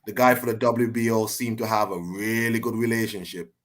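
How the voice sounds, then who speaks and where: A man appearing as a guest commentator in a casual discussion, opinionated and quick to laugh. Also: lowish voice, level tone.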